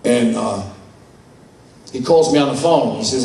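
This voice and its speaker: A man's voice: mid-range voice, moderate pace, gravelly, long pauses, darkish tone, distant mic. An older man giving a blunt, salty, folksy talk at a conference, telling personal stories. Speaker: conference speaker. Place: large conference hall. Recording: roomy hall, voice from afar.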